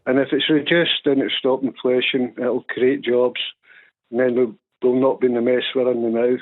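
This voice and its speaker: A man's voice: medium pitch, flat delivery, normal speed. A man from Glasgow phoning in, firm and certain in his views. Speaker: caller. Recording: tinny phone line.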